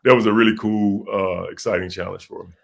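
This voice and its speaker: A man with a deep voice and an American accent, a guest telling animated stories in a casual interview. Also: brisk, vocal fry. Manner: animated storyteller who acts out voices.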